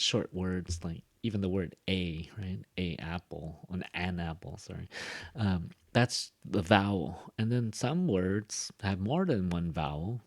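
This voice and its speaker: A man's voice: on the low side, a little mellow, dry recording, studio quality. A man with a Californian accent teaching a beginner pronunciation class in a casual recorded lecture, rambling with many fillers and asides. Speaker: ESL teacher.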